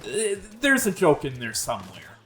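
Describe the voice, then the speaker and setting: A man's voice: fairly high pitch, huge pitch swings, normal speed, fairly bright tone, faint music behind. A young man hosting a gaming video, rambling in casual commentary full of fillers and swearing. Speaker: gaming channel host.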